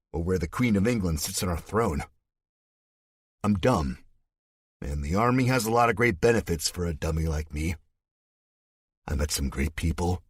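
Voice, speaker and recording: A gruff young army veteran, the narrator's older brother, as a man puts him on, speaks bluntly and runs himself down in an audiobook. The voice sits very low with a husky edge. The sound is dry and close. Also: dry recording. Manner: blunt, self-deprecating.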